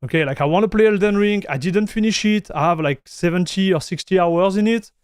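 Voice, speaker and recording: Guy on a live stream greeting chat, kinda high voice, clean and smooth, lots of restarts. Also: brisk, a little mellow, no echo, studio quality. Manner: chatty, greets viewers, reads chat aloud; frequent restarts and fillers.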